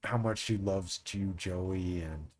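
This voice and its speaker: A man's voice: low-pitched, takes it slowly. A man narrating as game master in a tabletop game, often laughing as he narrates.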